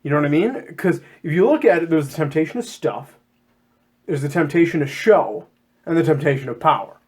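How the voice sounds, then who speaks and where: A man chatting casually on a podcast about scripture, his fairly high voice swooping up and down as he jokes. He keeps slipping into quick silly voices to act out what people say. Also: slightly rough. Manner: animated, jokey, acts out quotes in silly voices. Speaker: podcast co-host.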